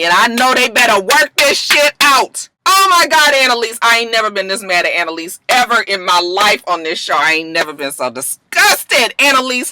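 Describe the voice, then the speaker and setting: A woman's voice: a little high, big pitch swings, moderate pace, pushed and bright, no room sound. A young woman recapping a TV episode in a casual vlog, emphatic and exclaiming, drawing out words. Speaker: TV recap vlogger.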